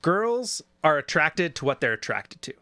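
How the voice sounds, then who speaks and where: Fairly high in pitch and moderate in pace, this man's voice comes through with no echo. He's a YouTube commentator riffing sarcastically and casually on video clips, animated throughout and often mimicking people in mocking tones.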